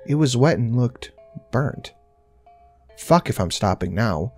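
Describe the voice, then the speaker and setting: A man's voice: medium pitch, animated, slow, darkish tone, soft background music. A man narrating a first-person horror story in a tense, intense way, swearing now and then.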